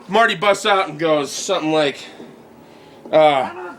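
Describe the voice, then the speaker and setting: A man improvising a rambling, profane comic movie pitch, acting out the characters as he goes. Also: measured pace, long pauses, fairly bright tone, rough recording. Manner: rambling, swearing, acts out characters.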